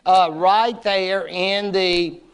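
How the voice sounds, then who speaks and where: A man's voice: sits high, steady tone, very slow, smooth. A man giving a history lecture to adult learners, chatty and wry with playful asides.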